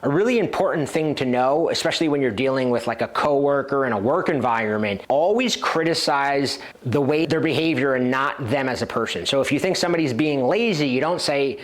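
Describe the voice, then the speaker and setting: A man coaching listeners in a direct, self-assured way at a mid-range pitch. He works through numbered tips and drops quick example lines into his explanation. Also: animated. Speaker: dating coach. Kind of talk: instructional talk to camera.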